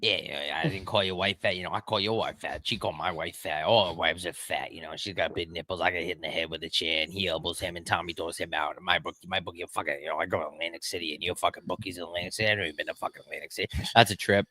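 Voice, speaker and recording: A man voicing a rowdy, brash Boston tough guy in a comedic improv bit, ranting in a fast mumble with a Boston accent. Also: sits low, fairly even intonation, bright, forceful tone, no echo, voice pushed down, exaggerated voice. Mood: rambling. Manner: rapid mumbled rant, brawling bar talk.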